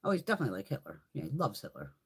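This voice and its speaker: Profane, animated middle-aged woman ranting. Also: rumbling low, very fast, vocal fry, husky. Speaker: live stream host. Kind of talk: casual live chat rant.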